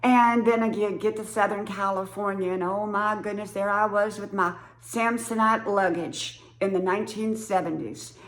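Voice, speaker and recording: A woman's voice: medium pitch, fairly even intonation, moderate pace, few pauses, reverberant. A woman in her sixties from West Virginia with an Appalachian accent, chatting casually to camera in a folksy way and laughing often. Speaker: vlogger.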